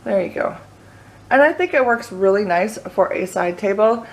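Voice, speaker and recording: A woman's voice: medium pitch, animated, normal speed. A young woman chats through a casual vlog tour of her living room, slightly out of breath. Her talk is nervous and rambling, full of fillers and asides. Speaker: home decor vlogger. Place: indoor living room, hot room.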